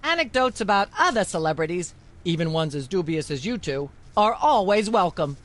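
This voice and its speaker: A woman's voice: on the low side, big pitch swings, normal speed. A pompous female talk-show host. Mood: condescending. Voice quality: theatrical, preachy, condescending.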